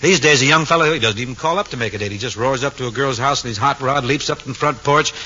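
A man's voice: medium pitch, fast talker, pushed and bright. A man hosting a scripted radio comedy, breezy and joking, often chuckling through his lines. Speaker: radio show host. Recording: hissy dull old radio recording.

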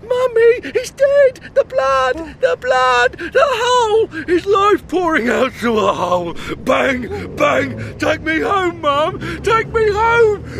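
A man's voice: sits high, a little hiss or hum. An actor playing a devious, unhinged young man in a radio comedy, swinging from pompous word-lecturing to shrieking hysteria.

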